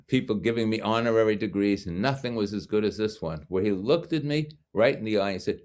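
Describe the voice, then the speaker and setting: A man in his seventies from Brooklyn, with a very deep, low voice. He is a guest speaker telling a personal story in a frank, wry way, full of self-mocking asides. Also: normal speed, a little mellow. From Brooklyn, New York. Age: 70s.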